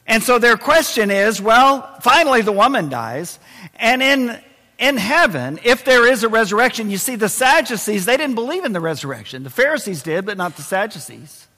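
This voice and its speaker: A man preaching a sermon, lively and expressive, dropping to a low, quiet voice to stress key points. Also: long reverb tail. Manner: expressive preaching, drops to a low hush for emphasis. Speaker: pastor.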